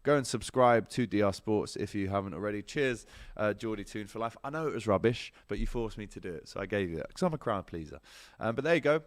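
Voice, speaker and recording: Talking fast with lively intonation, a sports show host with a fairly low voice runs through football transfer news and viewer comments. He is chatty, fills his speech with ums, and speaks straight to his viewers, with no room sound.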